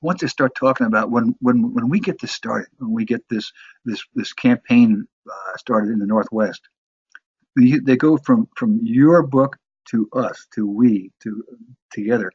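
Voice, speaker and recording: Speaking at a measured pace, a man from around New York instructs a class on sales presentations, his casual delivery full of restarts and repeated words. His mid-range voice is darkish and husky. The audio is dry and muffled.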